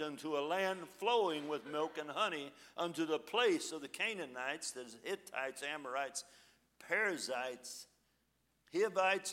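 Pastor, male, folksy sermon delivery, high bright voice, scripture read with dramatic pauses.

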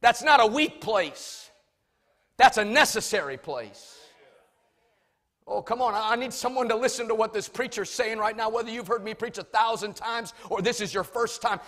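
A man preaching a sermon, swinging from loud shouts to soft asides. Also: high-pitched, moderate pace.

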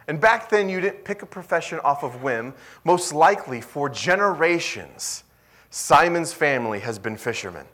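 A young man preaching a sermon in a lively, conversational way, sometimes dropping to a whisper. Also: fairly high pitch. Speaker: pastor.

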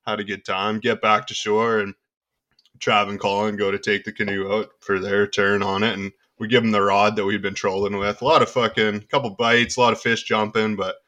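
A man's voice: lowish voice, little pitch movement, a little fast, pushed and bright. A young man telling a rambling, profane story among friends, with casual chat and frequent laughter.

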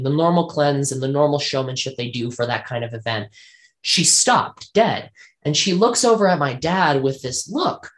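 A man, a guest on an interview show, telling a personal ghost story earnestly and vividly, repeating phrases for emphasis. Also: medium pitch.

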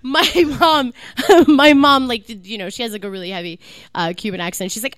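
A woman's voice: a little high, sing-song, normal speed, a bit bright, no echo. A woman comedian telling a story as a guest on a live comedy podcast. She is bubbly, laughs often and fills her talk with "like". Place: live comedy club stage.

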